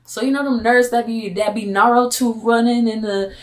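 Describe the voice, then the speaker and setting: A young woman from Miami, telling a vlog story in a casual, animated, slangy way and acting out her own asides. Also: on the high side, moderate pace. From Miami, Florida. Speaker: vlogger.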